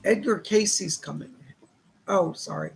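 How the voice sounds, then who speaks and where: A man doing live psychic readings on a stream, calmly reassuring viewers and passing on messages. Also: high voice, unhurried, creaky, a little hiss or hum. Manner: reassuring, relays spirit messages, reads viewer questions aloud.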